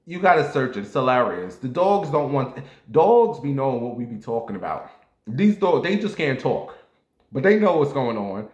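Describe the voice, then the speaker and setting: A man's voice: medium pitch, sing-song, normal speed, darkish tone. A man chatting casually and crudely to his viewers, with sudden jumps up to playful squeals. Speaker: vlogger. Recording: roomy echo.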